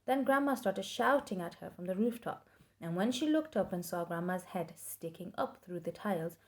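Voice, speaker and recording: A woman reading a children's story aloud with lively, expressive storytelling. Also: lowish voice, normal speed, dry recording. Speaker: storybook reader.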